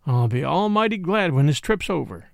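A man's voice: on the high side, sing-song, normal speed, gravelly, no echo, studio quality. A man voicing a practical, level-headed frontier dog-driver in plain, matter-of-fact backwoods talk.

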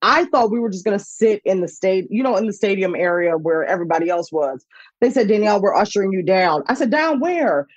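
An excitable woman in her thirties, telling a lively anecdote with lots of laughter and high-pitched quoted voices. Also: brisk, no echo, highs cut off. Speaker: guest. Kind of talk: animated storytelling anecdote.

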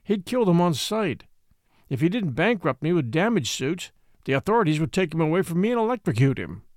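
A man's voice: fairly high pitch, big pitch swings, brisk, darkish tone, no echo, clean studio sound. A man voicing a proud, irritable master who snaps back defensively. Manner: terse, defensive, snapping. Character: proud, irritable male master of wolf-dog.

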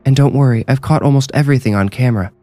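A man voicing an adult woman ghost investigator in a horror story, talking excitedly and calling out to others. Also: medium pitch, very fast, soft background music, voice pushed up, natural voice. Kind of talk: audiobook horror reading.

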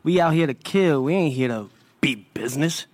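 A man's voice: a little high, moderate pace, darkish tone, no room sound. A young man speaking as a boxing champion at a press conference, brash and streetwise, trading trash talk.

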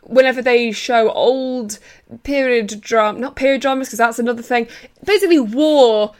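A woman's voice: a little high, normal speed. A woman co-hosting a podcast, chatting playfully with lots of asides. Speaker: podcast co-host. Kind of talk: casual chat.

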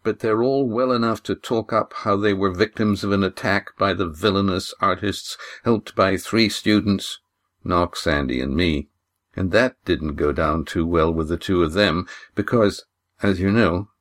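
A man reading an audiobook, voicing a weary, guarded young man who answers in low, clipped sentences. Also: a little slow. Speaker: audiobook reader voicing a character.

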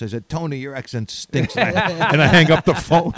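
A male comedian chatting as a podcast guest, telling lively show-business anecdotes and acting out the people in them. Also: mid-range voice, fast, dry recording. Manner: animated anecdote teller, acts out quoted voices. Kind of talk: casual storytelling chat.

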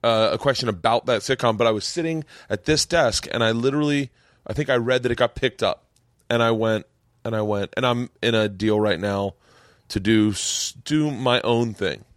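A man's voice: mid-range voice, normal speed, dry recording. A man hosting a casual podcast, telling a story with many restarts and real emotion. His voice sits in a middling register. The sound is dry and close. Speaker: podcast host. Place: home studio.

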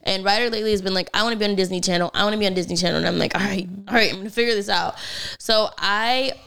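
A woman co-hosting a casual podcast chat, telling family stories with lively quoted voices. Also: mid-range voice, rapid-fire, vocal fry, clean tone. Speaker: podcast co-host.

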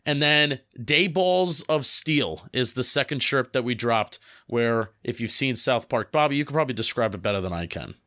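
A young man from New Jersey with a mid-range voice, co-hosting a sports podcast. He talks in an upbeat, excited way and rushes through his asides. The recording is dry and close to the mic. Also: medium pitch, no echo. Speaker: podcast co-host. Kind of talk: casual sports podcast chat.

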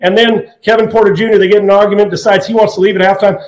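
A man hosting sports talk radio, blunt and opinionated, talking fast with many restarts. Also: sits high, little pitch movement, roomy sound, low-quality recording.

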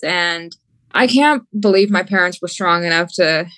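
A woman's voice: mid-range voice, normal speed, pushed and bright, no room sound, rough recording. A young woman recounting a personal story in an interview with candid humor. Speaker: guest.

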